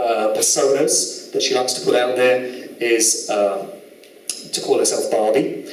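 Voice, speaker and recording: A man's voice: medium pitch, a little mellow. Man lecturing in an echoey hall. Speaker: speaker giving a presentation. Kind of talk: lecture with slides. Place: event hall with audience. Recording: echoey hall, mic at a distance.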